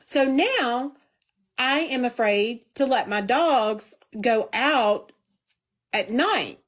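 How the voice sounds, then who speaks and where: A woman's voice: a little high, animated, extremely slow, fairly bright tone. A middle-aged woman chatting on a phone live stream, telling stories and talking to her viewers as y'all. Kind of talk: casual live-stream chat.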